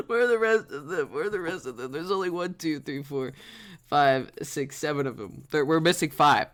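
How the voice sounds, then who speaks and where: A streamer giving live gameplay commentary, giddy and laughing constantly, with excited exclamations. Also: mid-range voice, normal speed.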